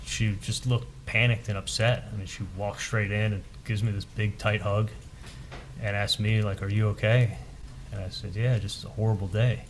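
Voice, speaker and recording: Male trial witness, lower voice, testifies haltingly and repeats words while recounting dialogue. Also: flat delivery, a little hiss or hum, rough recording. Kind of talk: courtroom testimony. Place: courtroom.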